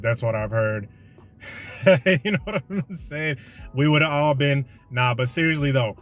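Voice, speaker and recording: A man hosting a podcast, delivering a slangy, conversational motivational monologue with a preachy edge. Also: mid-range voice. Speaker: podcast host.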